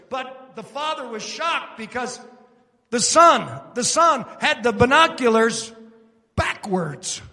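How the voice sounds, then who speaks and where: A man preaching a sermon dramatically, moving from hushed lines to shouting, in a large church hall. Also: very high voice. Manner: dramatic, swings between hush and shouting. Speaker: pastor. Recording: long reverb of a large hall.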